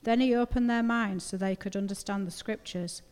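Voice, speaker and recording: A woman reading a Bible passage aloud to a congregation in a steady, measured way. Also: medium pitch, smooth. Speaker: scripture reader. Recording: reverberant hall recording.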